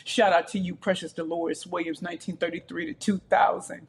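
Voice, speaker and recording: Passionate woman guest, soft at times. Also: fairly low pitch, fairly even intonation, fairly quick, hardly any pauses, slightly rough. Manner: passionate, emphatic, heartfelt. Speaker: guest, entrepreneur and pitch champion. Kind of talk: podcast interview. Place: home with a balcony, city view. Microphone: computer.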